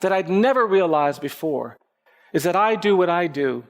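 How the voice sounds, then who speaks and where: A lawyer telling a personal story in a public speech, with measured, repetitive rhythmic phrasing. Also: male voice, sits high, expressive. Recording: echoey hall with faint music.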